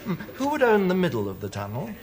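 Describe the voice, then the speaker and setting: An actor playing a smooth, evasive senior civil servant, in a British TV sitcom. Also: male voice, sits high, quick pace, a crowd in the background. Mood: smooth, patronizing. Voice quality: smooth, lively and patronizing. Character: suave, evasive senior male civil servant, middle-aged. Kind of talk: 1980s British TV sitcom acting. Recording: old TV audio with background noise.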